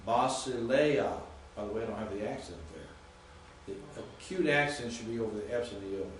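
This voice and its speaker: A male professor giving a classroom lecture, patiently spelling out Greek sounds and repeating words slowly. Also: on the low side, expressive, fairly bright tone. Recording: echoey classroom from far off with faint noise.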